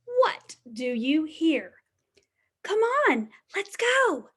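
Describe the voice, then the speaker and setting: A woman's voice: high-pitched, sing-song, fairly bright tone. A woman teaching preschoolers, reading a picture book aloud in a sing-song, exaggerated storytime voice with whispered asides. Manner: slow, exaggerated storytime delivery.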